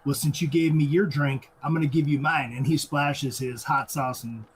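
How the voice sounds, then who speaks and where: A man's voice: on the high side, steady tone, normal speed, a little hiss or hum. A man co-hosting a casual movie podcast who chimes in and acts out characters' lines. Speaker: podcast co-host. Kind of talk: casual movie review chat.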